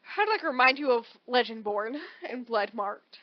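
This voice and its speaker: At a normal speed and fairly high pitch, this podcast co-host brings a story summary to life by acting out the characters' quotes for a casual book show. No room sound is present, and the highs are cut off.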